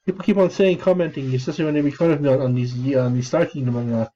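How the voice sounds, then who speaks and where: A man vlogging in a flat, downcast monotone, rambling and restarting his sentences often. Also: on the high side, a little hiss or hum. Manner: halting, many restarts and fillers. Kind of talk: rambling casual monologue. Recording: dull lo-fi recording.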